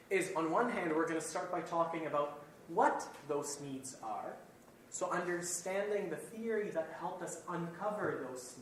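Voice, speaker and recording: A man lecturing in a classroom, set a little high for a male voice, picked up from a distance in a very echoey room with faint room noise underneath. He explains patiently, rephrases as he goes and keeps asking "okay?" to check in with his students. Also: a bit bright. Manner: repeats and rephrases points while thinking aloud. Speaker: university lecturer.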